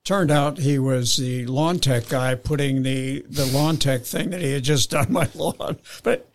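A man's voice: mid-range voice, unhurried, a little hiss or hum. A man who works as a police officer telling a casual story on a podcast, rambling a bit and restarting his sentences.

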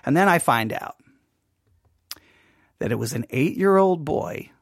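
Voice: mid-range voice, lively intonation, measured pace, long pauses, dry recording, clean studio sound. A Christian devotional host giving an informal, earnest talk that tells stories with many restarts, recorded at a home live-broadcast setup.

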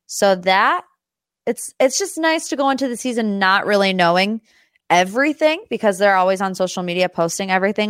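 A woman's voice: lowish voice, a bit bright, clear, resonant tone, dry recording, clean studio sound. A young woman hosting a podcast, chatting casually about celebrity gossip with lots of "like" and "you guys". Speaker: podcast host.

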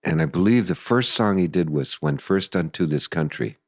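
An older man telling stories in a casual interview, animated and acting out voices and sounds. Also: low voice, normal speed, dry recording, clean studio sound. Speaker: guest musician recalling the past.

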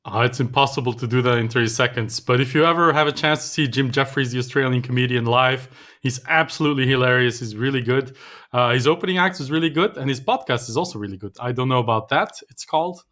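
Fast-talking dry male co-host. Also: medium pitch, a bit bright. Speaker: podcast co-host. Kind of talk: casual podcast chat.

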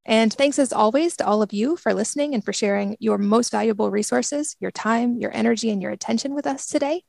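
A woman's voice: on the high side, fairly quick, creaky, darkish tone, dry recording. A woman hosting a podcast, enthusiastic as she thanks her guest and listeners. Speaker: podcast host. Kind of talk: podcast interview and outro. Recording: dry close mic with faint music.

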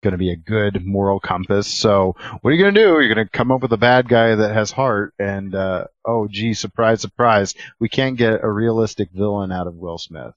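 A man co-hosting a podcast in casual chat, joking and quick to laugh. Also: fairly low pitch, dry recording, dull audio. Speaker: podcast co-host.

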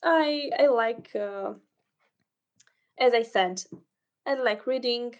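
Halting young woman guest. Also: on the high side, highs cut off. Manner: hesitant, halting, with frequent fillers and laughs. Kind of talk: casual podcast chat over a call.

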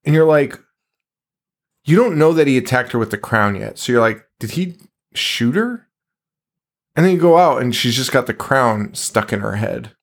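A man's voice: mid-range voice, animated, fairly quick, vocal fry. Guy on a horror podcast ranting about a movie, swears a lot, sounds fed up. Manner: profane, exasperated ranting. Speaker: podcast co-host. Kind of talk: casual movie recap chat.

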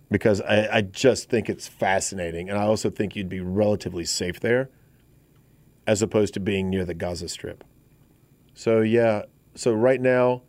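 A man's voice: on the low side, fairly even intonation, unhurried, darkish tone, no room sound. A man in his fifties hosting a talk radio show, talking in a conversational, rambling way with frequent restarts. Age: 50s. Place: radio studio.

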